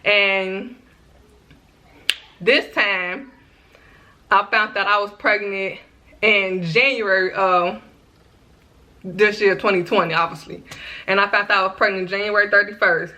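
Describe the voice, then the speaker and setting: A bright, crisp-toned young woman in her twenties tells a personal story in a casual vlog. She talks in an animated, chatty way and keeps turning to her viewers. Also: mid-range voice, measured pace, pauses often. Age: 20s. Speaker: vlogger.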